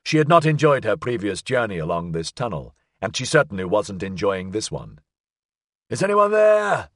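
Husky, expressive male audiobook narrator. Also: fairly low pitch, brisk, dry recording, studio quality. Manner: expressive, suspenseful reading. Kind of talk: scripted narration.

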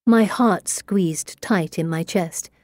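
A woman narrating a story in the first person, in a measured way. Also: on the low side, a little mellow, dry recording. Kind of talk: audiobook narration.

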